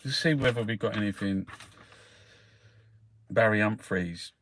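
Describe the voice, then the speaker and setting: A man's voice: on the low side, measured pace, long pauses, a bit bright, a little hiss or hum. A man from South London with a Cockney accent, rambling in a casual monologue, swearing constantly and calling the listener mate. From South London, England. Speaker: host reviewing the newspapers.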